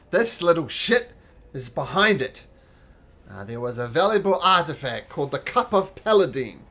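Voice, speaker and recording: A man voicing a male town watch captain who blusters and accuses loudly. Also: on the high side.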